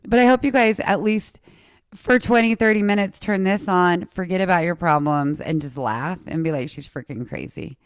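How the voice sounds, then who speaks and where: Animated, sarcastic woman telling a story. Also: lowish voice, moderate pace, smooth, no room sound, clean studio sound. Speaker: podcast host. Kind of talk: casual chat.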